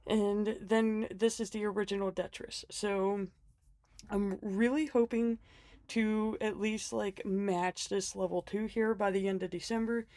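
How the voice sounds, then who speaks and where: A woman's voice: medium pitch, fairly even intonation, measured pace, a little mellow, no room sound. A woman talking through her budget planner in a casual vlog, sick and short of breath, chatty with lots of ums and small laughs. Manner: chatty, self-deprecating, frequent ums and laughs. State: sick and winded. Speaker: planner vlogger.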